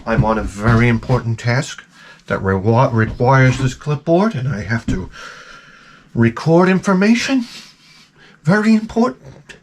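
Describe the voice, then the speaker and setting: A man's voice: medium pitch, lively intonation, a little slow, long pauses, slight background noise, lightly acted. A man putting on the voice of a pompous, fussy official who carries a clipboard. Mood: self-important. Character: self-important clipboard-carrying official, adult.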